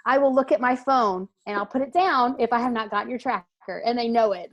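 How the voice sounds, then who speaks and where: A woman's voice: a little high, a little fast, muffled recording. Earnest emphatic woman coach. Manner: earnest and emphatic, with many fillers and restarts. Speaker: weight-loss coach, interview guest. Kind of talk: casual interview answer.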